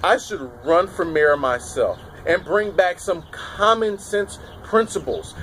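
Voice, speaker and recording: Emphatic man ranting outdoors in wind. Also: fairly high pitch. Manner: emphatic, repetitive phrasing. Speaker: political vlogger. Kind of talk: opinionated political commentary. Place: outdoors in a city, windy. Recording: wind and traffic noise outdoors.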